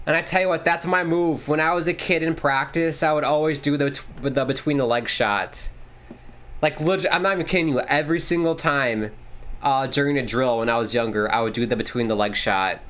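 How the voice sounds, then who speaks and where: A man hosting a casual live watchalong, calling the play-by-play excitedly and swearing casually. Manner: excitable, jumps pitch on big plays, swears casually. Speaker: watchalong host.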